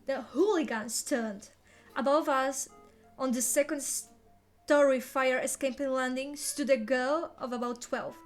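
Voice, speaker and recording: A woman's voice: high voice, steady tone, takes it slowly, soft background music. A woman reading a novel aloud in the first person, playful and theatrical. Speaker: reader.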